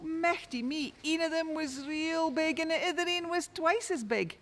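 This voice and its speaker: A woman with a Doric Scots accent telling a traditional folk tale in rich dialect, lilting and expressive. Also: very high-pitched, moderate pace. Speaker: storyteller. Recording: long reverb.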